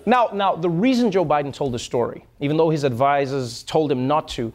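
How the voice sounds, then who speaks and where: A man's voice: fairly high pitch, darkish tone. A man hosting a comedy news show, delivering a mocking satirical monologue. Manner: mocking, puts on voices for jokes. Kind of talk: satirical late-night monologue.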